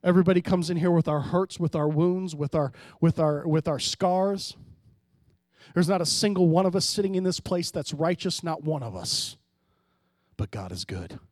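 A man pastor preaching a sermon, swinging between hushed, low passages and loud, emphatic rises, often calling out to the congregation. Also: animated, normal speed, no echo, studio quality. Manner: preaching with sudden drops to quiet and loud rises, calls to the congregation.

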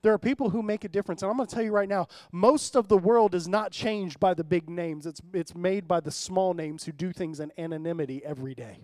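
A man's voice: high-pitched, fairly quick, hardly any pauses, a little mellow, no echo, clean studio sound. A male pastor preaching a conversational sermon, telling humorous stories and often checking in with his listeners. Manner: conversational preaching with frequent audience check-ins; humorous storytelling.

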